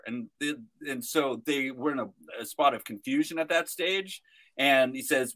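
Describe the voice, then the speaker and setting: A man's voice: mid-range voice, moderate pace, pushed and bright. A man telling a long story on a podcast, rambling with many restarts and fillers. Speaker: guest, protester.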